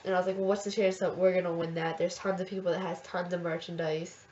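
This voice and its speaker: A woman's voice: on the low side, level tone, fast talker, darkish tone, slight background noise. A teenage girl casually telling a long story, chatty and gushing, full of fillers. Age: teens. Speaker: vlogger. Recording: roomy, dull lo-fi webcam audio.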